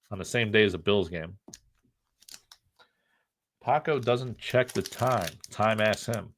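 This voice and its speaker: A middle-aged man from the United States hosting a casual live stream, joking, rambling and reading the chat aloud. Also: on the low side.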